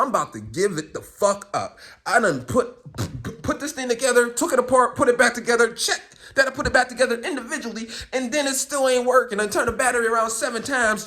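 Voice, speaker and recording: A young man vlogging in a loose, rambling way, his voice swinging up and down with a lot of animation. He swears freely and piles one thought onto the next, like an unscripted rant to camera. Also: extremely high pitch. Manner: animated, profane, rambling storyteller.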